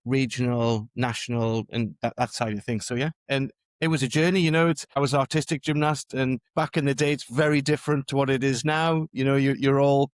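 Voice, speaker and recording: A middle-aged man recounts his sporting past in a relaxed podcast chat, drifting from one memory to the next and often restarting his sentences. He speaks at a medium pitch, recorded close and dry with no room sound. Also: dry recording. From England. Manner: rambling, restarts often, chuckles through anecdotes. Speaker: podcast guest, former gymnast and coach. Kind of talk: casual interview storytelling.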